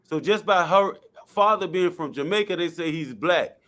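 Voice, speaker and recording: Man, fairly high voice, blunt slangy talker who repeats himself for emphasis. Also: expressive, moderate pace, a bit bright. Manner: blunt, colloquial, repeats points. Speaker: guest speaker. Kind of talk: casual discussion.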